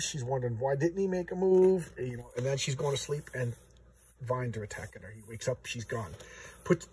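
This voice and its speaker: A man's voice: mid-range voice, slightly rough, distant mic, rough recording. A man casually reviewing a comic book. He rambles along, restarts his sentences and acts out the characters' lines. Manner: rambling and animated, with many restarts and acted-out quotes.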